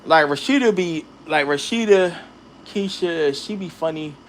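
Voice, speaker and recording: Young adult man, higher-pitched, animated vlog rant aimed straight at viewers. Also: measured pace, slight background noise. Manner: animated, heated, addresses viewers directly with slang. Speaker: channel host. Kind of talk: casual ranting vlog.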